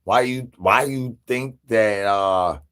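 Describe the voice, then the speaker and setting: Male streamer, low voice, rambling rhyming nonsense, zombie bit, begging for brains. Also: slow, a bit bright, clean tone. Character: brain-hungry zombie persona. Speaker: livestream host. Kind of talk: absurd comedic livestream rant.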